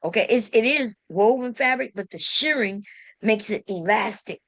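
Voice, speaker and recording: A woman's voice: medium pitch, moderate pace, fairly bright tone, no room sound. A woman hosting a sewing channel, telling a story to camera in a casual, emphatic way and talking straight to her viewers with exasperated rhetorical questions.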